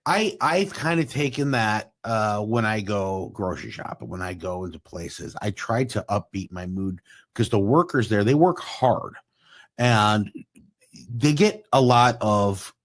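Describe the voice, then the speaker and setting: A man co-hosting a podcast, telling lively stories in casual chat, acting out quotes and laughing often. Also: lowish voice, measured pace. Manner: animated storyteller, acts out quotes, laughs often. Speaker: podcast co-host.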